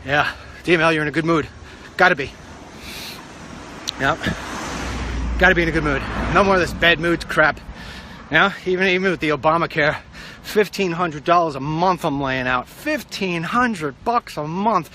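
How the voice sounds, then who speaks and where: A middle-aged man rambling in a casual vlog while out walking, a bit out of breath, with sudden excited outbursts. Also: normal speed, pauses often, slight background noise. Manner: animated, jumps into high excited outbursts. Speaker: vlogger.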